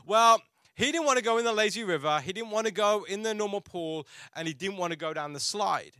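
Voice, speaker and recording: A man's voice: high voice, fast talker, sharp tone, clear, resonant tone, no echo, studio quality. A man preaching a sermon as a pastor, telling a personal story in a chatty, self-mocking way with frequent restarts.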